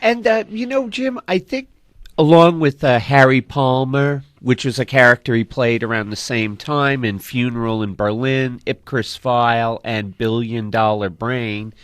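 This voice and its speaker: A man's voice: mid-range voice, measured pace, a bit bright, dry recording, studio quality. A man co-hosting a movie talk show, thinking aloud and searching for words as he goes. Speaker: co-host.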